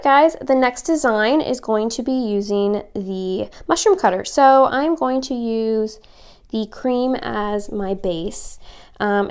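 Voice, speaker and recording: A woman hosting a casual craft tutorial, chatting step by step through her hand work with frequent ums. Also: a little high.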